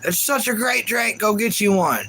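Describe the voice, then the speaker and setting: A man's voice: high-pitched, expressive, normal speed, sharp tone, rough recording. A man hosting a live stream, talking casually and rambling with lots of fillers as he reads chat. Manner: rambling and chatty, with many fillers.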